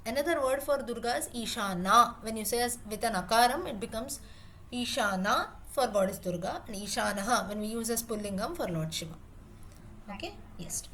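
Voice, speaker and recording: A woman's voice: fairly high pitch, animated, a little fast, fairly bright tone, a little hiss or hum. A woman teaching a class, explaining word meanings patiently and repeating terms as she rephrases. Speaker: Sanskrit teacher.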